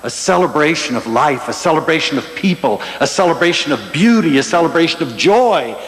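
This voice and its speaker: A man giving a humorous public lecture, telling stories in an animated, playful way. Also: fairly high pitch, fairly quick. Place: large lecture hall before an audience. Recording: echoey lecture hall.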